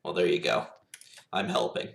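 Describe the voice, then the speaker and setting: A man with a very deep voice takes his turn as a player, talking slowly and with a lot of movement in his pitch. The sound is echoey, like a bare room. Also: expressive, creaky, a bit bright. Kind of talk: casual chat.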